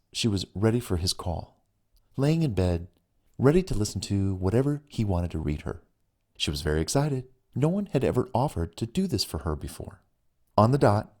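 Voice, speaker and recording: Man, audiobook narrator, low mellow voice, lively intonation, earnest conversational asides. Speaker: author and narrator.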